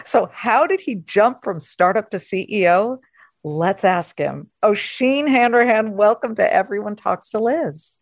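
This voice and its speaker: A woman's voice: mid-range voice, animated, no room sound. Chatty woman podcast host, dry close sound. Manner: chatty and playful, quick asides. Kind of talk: casual interview chat.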